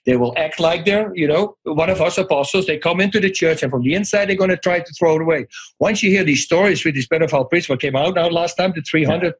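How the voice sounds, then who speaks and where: Middle-aged man, Dutch accent, interview guest, animated storyteller, husky voice, slightly high pitch. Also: fast, low-quality recording. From Netherlands. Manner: animated storyteller, acts out quoted lines, frequent restarts.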